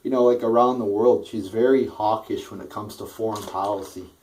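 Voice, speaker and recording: A man's voice: on the low side, fairly even intonation, brisk, darkish tone, slight background noise, low-quality recording. A man delivering a blunt, profane political rant, rambling with many restarts. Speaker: political vlogger.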